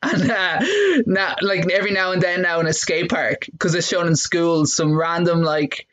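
A woman's voice: on the low side, level tone, normal speed, a bit bright. A young woman co-hosting a podcast, chatting casually with lots of giggling and restarts. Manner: giggly, rambling with many restarts. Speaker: podcast co-host. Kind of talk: casual chat.

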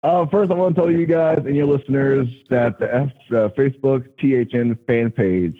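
A man's voice: medium pitch, moderate pace. A man calling in to a podcast, chatting in a laid-back, joking way. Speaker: caller. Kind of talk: phone-in chat. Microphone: telephone. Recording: tinny phone line.

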